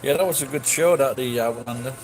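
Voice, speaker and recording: A man's voice: mid-range voice, brisk, poor audio. Blunt, sweary man chatting. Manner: blunt, sweary, rambling with restarts. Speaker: streamer answering chat. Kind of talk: casual chat. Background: music.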